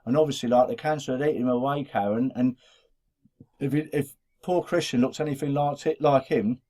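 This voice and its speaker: His mid-range voice warm and fairly quick, a middle-aged Black Country man co-hosts a podcast, chatting casually in his regional accent. He tends to ramble and often restarts what he's saying.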